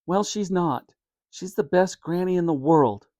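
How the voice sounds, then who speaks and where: An earnest young boy from a children's storybook, voiced by a man. He is slightly raised in pitch and sincere. The sound is dry, with no room echo. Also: measured pace, darkish tone.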